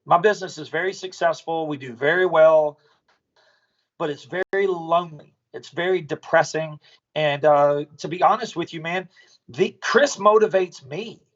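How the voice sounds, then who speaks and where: A man's voice: on the high side, moderate pace, highs cut off. A man, a business owner, talking bluntly and profanely as a podcast guest, telling stories casually.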